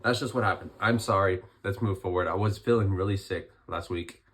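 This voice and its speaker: Young guy, hoarse voice after being sick, lowish tone, chatty fight breakdown vlog. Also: a little fast, fairly bright tone. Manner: chatty, rambling, lots of restarts. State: hoarse, recovering from illness. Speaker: MMA commentary vlogger.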